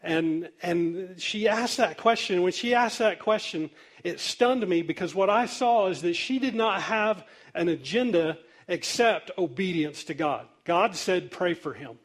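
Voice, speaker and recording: A man's voice: high-pitched, animated, unhurried. Folksy storytelling preacher, a man. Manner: conversational, folksy, laughs through stories. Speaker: pastor. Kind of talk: sermon storytelling.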